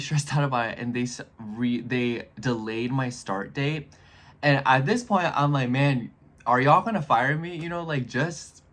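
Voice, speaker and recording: A man in his twenties chatting casually in a vlog, rambling and animated as he speaks straight to his viewers. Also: medium pitch. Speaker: astrology YouTuber.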